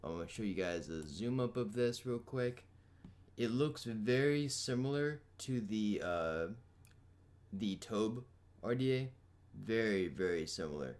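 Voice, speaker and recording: A young man talks through a casual product review in a raspy, hoarse voice, worn down by a sore throat. His pitch sits on the low side, and he rambles loosely with plenty of fillers. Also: lively intonation, a little slow, a little mellow.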